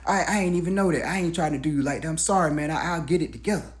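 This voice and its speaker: Storyteller doing a deep, quiet young guy, sheepish and apologetic. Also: fairly even intonation, moderate pace. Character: young man, the girlfriend's son, apologetic.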